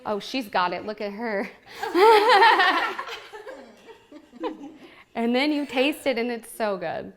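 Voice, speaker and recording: A woman in her thirties leads a lively home party, demonstrating products to her guests. She talks playfully and cheekily, teasing the room and leaning on little "right?" asides, and her voice sits somewhat high. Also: slow, pauses often, heavy background noise. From Oregon.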